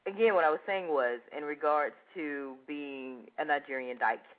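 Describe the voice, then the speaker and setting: A woman's voice: low-pitched, moderate pace. A woman hosting an interview, asking chatty, blunt questions in a casual way. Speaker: interview host. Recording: tinny phone line.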